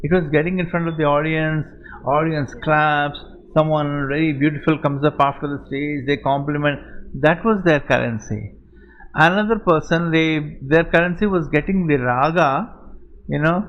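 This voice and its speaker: A man gives a lively talk to a room of students and acts out the lines of the people in his stories. His voice sits fairly high for a man. The recording is muffled and lo-fi. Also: moderate pace. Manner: animated storytelling, acting out quotes. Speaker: guest speaker to medical students. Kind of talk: lecture-style talk answering a question. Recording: muffled lo-fi audio.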